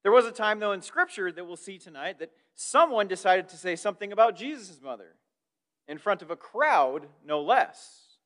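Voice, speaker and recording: A man with a notably high-pitched voice delivers a sermon as a pastor. He teaches in a relaxed, conversational way, adding casual asides and restarting his sentences as he goes. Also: normal speed.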